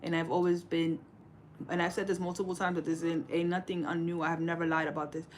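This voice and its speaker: A woman's voice: on the low side, flat delivery, quick pace, slight background noise. A woman in her forties hosting a livestream, giving sassy, preachy relationship advice to her viewers in a casual chat. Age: 40s. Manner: sassy, preachy, calls everyone baby. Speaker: livestream host.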